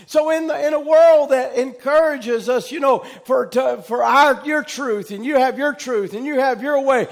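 A middle-aged man with a Southern US accent preaching a sermon, emphatic and repetitive, calling out amen and rising to shouts. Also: extremely high pitch, normal speed, creaky, hardly any pauses. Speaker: pastor.

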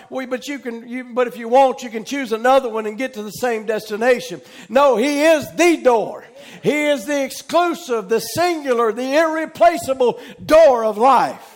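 A middle-aged man with a Southern US accent preaching a sermon, emphatic and repetitive, calling out amen and rising to shouts. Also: extremely high pitch. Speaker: pastor.

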